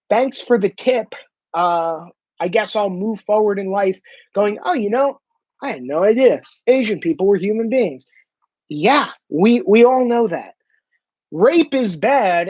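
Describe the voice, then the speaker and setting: A man's voice: high voice, no room sound. A man hosting a ranting commentary monologue, profane and mocking, with a slightly dull lo-fi sound. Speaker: host.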